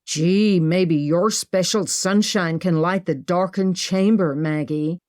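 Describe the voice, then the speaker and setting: A woman voicing a sharp-tongued, pessimistic young woman who snaps and speaks with sarcasm, in an audiobook. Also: fairly low pitch, takes it slowly, dry recording, studio quality. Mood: sarcastic. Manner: sarcastic, snappish.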